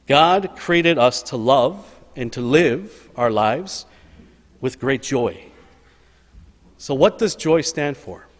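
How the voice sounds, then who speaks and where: A man's voice: mid-range voice, expressive, slow pace. A man preaching a sermon in a church, telling a personal story earnestly and repeating key phrases for emphasis. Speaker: pastor. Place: church sanctuary. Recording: long hall reverb.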